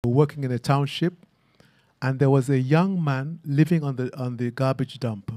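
A man's voice: medium pitch, moderate pace, dark tone, dry recording. A man speaking as a photographer in an artist talk, musing aloud and often ending his phrases with a questioning "huh?". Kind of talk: reflective conversational talk. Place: garden event.

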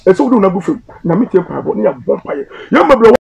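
Casting note: fast-talking male pastor, high gravelly voice, lively delivery. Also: rough recording. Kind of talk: casual interview talk.

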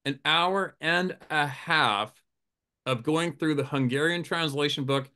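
Bright-voiced man telling a rowdy story. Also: fairly high pitch, slow pace. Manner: animated, profane, laughing often, acts out quotes in a raised voice. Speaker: hunting guide. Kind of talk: casual storytelling. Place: campfire outdoors.

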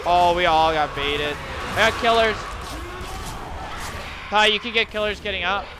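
A young man streaming a team game live, giving rapid callouts and countdowns to his teammates, slangy and swearing. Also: sits high, noisy background. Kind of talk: live gameplay commentary to teammates.

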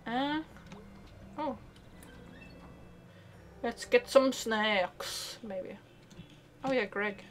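A woman's voice: a little high, very slow, long pauses, slight background noise. A woman streamer playing a game and reading its dialogue aloud, laughing and swearing as she goes. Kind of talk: let's play commentary. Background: faint game music.

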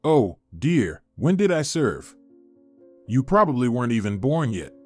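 A man's voice: medium pitch, very animated, unhurried, darkish tone, faint music behind. Polite retiree in his sixties, tired but hopeful, read by a man narrator. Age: 60s.

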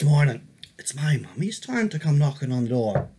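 A man reading his picture book aloud, expressive and animated. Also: fairly high pitch, normal speed, breathy edge. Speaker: storyteller.

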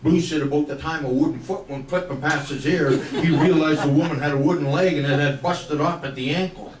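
A country comedian spins a tall tale in a folksy, slangy drawl and chuckles as he goes. His voice sits a touch high for a man. He is caught from a distance in a roomy space with faint ambience behind. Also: steady tone, a little fast, over a noisy crowd. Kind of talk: stand-up comic storytelling. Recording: roomy, from off the mic.

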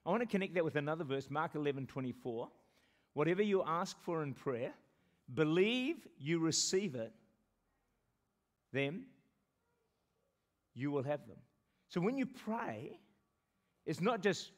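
Casting note: New Zealand male pastor, mid-high voice, lively sermon delivery with jokes and drawn-out prayers. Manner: animated, laughs often and jokes with the congregation; pleading slowly when quoting prayers. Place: church service with a congregation.

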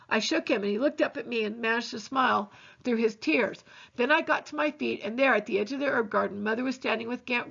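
Woman teacher reading a novel out loud, slightly high, gravelly, muffled lo-fi sound. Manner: earnest, steady reading with small slips. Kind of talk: novel read-aloud narration. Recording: dull lo-fi recording.

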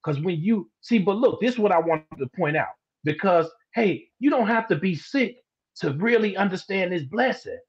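A man preaching scripture in an easy, colloquial way on a live stream, stretching words out to make his point. His voice sits high and sounds a bit husky. The audio is dull and lo-fi. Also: expressive, moderate pace. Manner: colloquial, emphatic, drawls words for stress. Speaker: teacher in a Bible discussion broadcast. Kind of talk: casual preaching in a live streamed Bible discussion.

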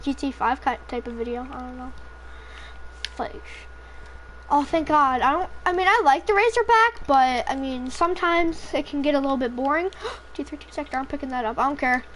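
A woman's voice: high-pitched, a bit bright, slight background noise. A woman casually commentating her own gameplay, rambling, swearing freely and joking about how tired she is. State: tired, throat feels off.

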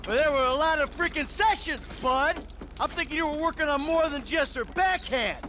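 An actor voicing a bitter, hot-tempered middle-aged crook who swears and shouts with heavy sarcasm in a video game. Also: male voice, very high voice, moderate pace, slight background noise. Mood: mocking.

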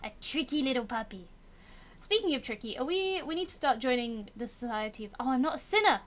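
A woman's voice: sits high, animated, quick pace, slight background noise. A young woman giving casual, self-mocking commentary as she plays a strategy game and talks to its characters. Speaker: gameplay commentator.

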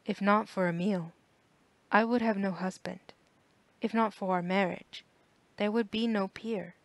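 Woman reading as a gentle elderly widow. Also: medium pitch, steady tone, unhurried, no room sound, lightly acted. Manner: soft, patient and kindly.

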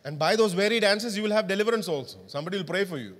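A man delivers a sermon in a church, his voice sitting a little high for a man. He keeps turning to the congregation with questions. The sound rings with a long hall reverb. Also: rapid-fire, a bit bright. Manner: interactive, asks the congregation questions. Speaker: pastor.

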